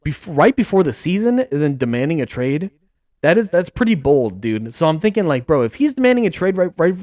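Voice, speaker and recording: A man hosting a sports podcast, talking in a casual, excitable, rambling way full of slang. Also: a little high, dry recording, clean studio sound. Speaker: podcast host.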